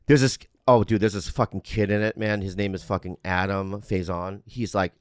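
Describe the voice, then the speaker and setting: A man's voice: lowish voice, steady tone, moderate pace, dry recording, clean studio sound. A man co-hosting a comedy podcast, joking and swearing in casual banter. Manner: profane, joking, breaks into off-key singing. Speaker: podcast co-host.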